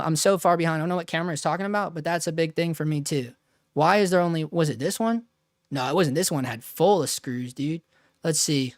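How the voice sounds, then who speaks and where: A man's voice: fairly high pitch, no echo, studio quality. A man hosting a casual live stream at home, rambling, joking and often laughing at himself while reading chat. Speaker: livestream host.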